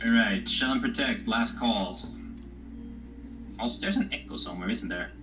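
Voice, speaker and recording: A man's voice: medium pitch, moderate pace, music in the background, rough recording. A man leading an online game raid over voice chat, giving directions and calling out group assignments. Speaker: raid leader. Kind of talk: casual voice chat while gaming.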